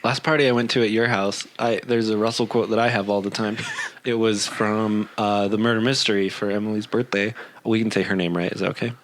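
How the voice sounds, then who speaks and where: A man co-hosting a casual podcast with his brothers, teasing and quick to joke. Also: lowish voice, fairly even intonation, a little hiss or hum. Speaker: podcast co-host. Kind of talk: casual chat among brothers.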